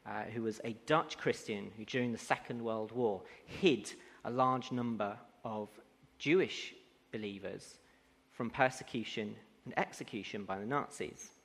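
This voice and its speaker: A man's voice: fairly low pitch, measured pace, creaky, fairly bright tone, breathy edge. A man preaching a sermon who builds to emphatic, rising declarations. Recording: long hall reverb.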